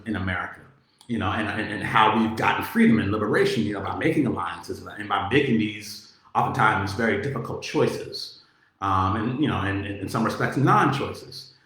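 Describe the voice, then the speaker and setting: A man giving a casual political monologue, talking in a profane, animated way, with many filler words. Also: lowish voice, fairly quick, a little hiss or hum. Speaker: political commentator. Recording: very echoey room.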